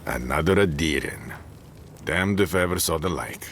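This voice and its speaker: A man voicing a gruff, weary male dwarf tower commander in a video game, speaking grimly and bluntly. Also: a bass voice, normal speed, a bit bright, a little hiss or hum. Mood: wary. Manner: grim, blunt, gravelly.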